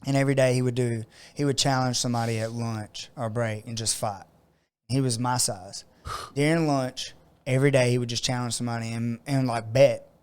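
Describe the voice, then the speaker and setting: A man telling a long story in casual podcast chat, leaning on "like" and acting out the people in it with sudden loud outbursts. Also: mid-range voice, steady tone, a little fast, clear, resonant tone. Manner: frequent "like" fillers. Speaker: podcast co-host.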